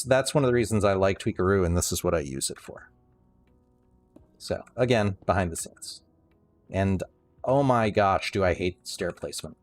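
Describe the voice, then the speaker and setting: Deep-voiced man streaming a building game. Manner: rambling, self-correcting, dry sarcasm. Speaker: livestreamer. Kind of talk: casual game commentary.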